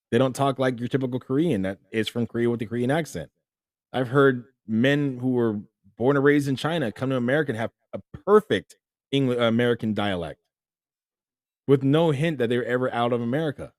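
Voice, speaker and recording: Animated male commentary host, dry sound. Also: no room sound. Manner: animated, rising to emphatic highs, quoting imagined people. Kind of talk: opinion commentary monologue.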